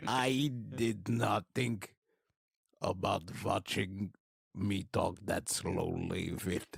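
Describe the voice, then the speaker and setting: A man voicing a huge slow-spoken male firbolg, formal and ponderous, with a deep gravelly drawl. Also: fairly even intonation, no echo, clean studio sound, exaggerated voice. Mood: slow, deliberate.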